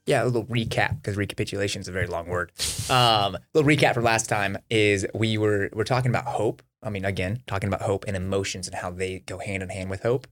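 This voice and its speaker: A young man co-hosting a faith podcast, recapping the last episode in a quick, upbeat, conversational way. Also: lowish voice, steady tone, a bit bright. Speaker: podcast co-host. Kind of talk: casual faith discussion.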